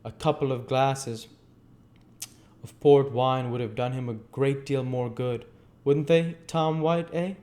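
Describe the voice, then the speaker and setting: A man voicing a brisk, kindly old gentleman with a hoarse, fussy voice, read from a storybook. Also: medium pitch, steady tone, pitched above the performer's own voice, close to an everyday voice. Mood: blustering.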